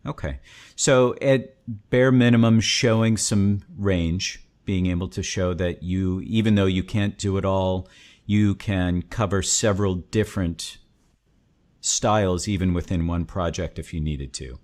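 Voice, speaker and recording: A man's voice: deep voice, a little slow, a little mellow. A man hosting an interview, who encourages his guest and asks reflective follow-up questions. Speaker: interview host. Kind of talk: casual interview chat.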